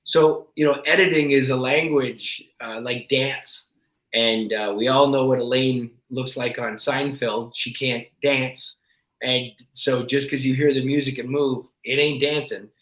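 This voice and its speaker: A man talking as a guest actor, telling candid, animated stories with a self-deprecating streak. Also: mid-range voice, unhurried. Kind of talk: casual interview storytelling. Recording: echoey room.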